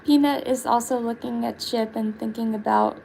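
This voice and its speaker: A woman's voice: a little high, fairly even intonation, normal speed, creaky, mellow, a little hiss or hum, poor audio. A woman chatting casually on a live stream while painting her nails, giggly and full of fillers. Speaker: livestreaming vlogger.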